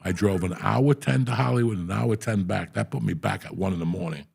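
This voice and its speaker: A man's voice: low voice, brisk, gravelly, darkish tone, husky. A man guest telling profane, blunt stories in a casual interview. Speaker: guest comedian.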